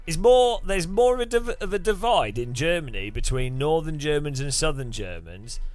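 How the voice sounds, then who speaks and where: A man's voice: a little high, big pitch swings, normal speed, darkish tone, soft background music. A young man chatting casually while gaming on stream, rambling with lots of filler words.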